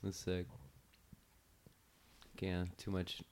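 Deep-voiced man telling a loose story. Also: monotone, slow pace, darkish tone, a little hiss or hum. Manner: loose, profane storytelling full of "like". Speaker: podcast host. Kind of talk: casual storytelling chat.

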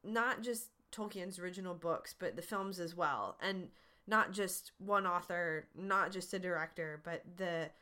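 A woman's voice: on the low side, measured pace, bright, forceful tone. A woman hosting a podcast, answering listener questions in an earnest, encouraging, conversational way. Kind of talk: casual advice talk.

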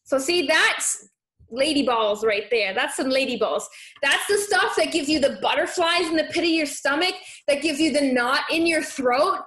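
A young woman hosting a motivational live stream, talking in an energetic, encouraging way and reading viewer comments aloud. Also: high-pitched, normal speed, echoey room.

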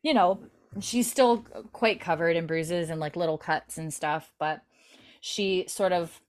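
A woman's voice: fairly low pitch, unhurried. A young woman host chatting casually, retelling a TV episode in a rambling way full of "like" and "you know". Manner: rambling, filler-heavy retelling with many "like"s. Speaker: podcast host recapping a TV episode. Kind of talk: casual chat.

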